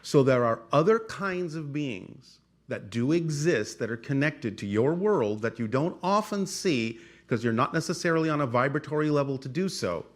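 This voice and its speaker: A man speaking as a channeler, answering audience questions in a formal, measured cadence with repeated phrases. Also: medium pitch, lively intonation. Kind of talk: channeled spiritual talk.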